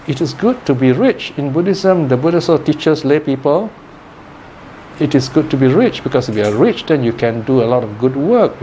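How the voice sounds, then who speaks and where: A man's voice: medium pitch, a little mellow, a little hiss or hum. Man giving a casual Dharma talk. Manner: conversational, with frequent "okay?" and "right?" checks. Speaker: Buddhist teacher.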